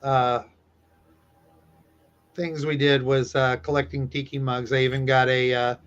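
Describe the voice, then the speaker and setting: A man appearing as a guest on a live stream, talking casually and haltingly, with dry quips. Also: medium pitch, little pitch movement, fairly bright tone, smooth, muffled recording. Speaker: guest collector. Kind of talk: casual remote interview chat.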